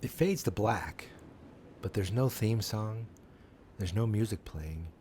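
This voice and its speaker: A man hosting a podcast, recapping an episode in a casual, animated storytelling way. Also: on the low side, takes it slowly, slight background noise. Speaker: podcast host.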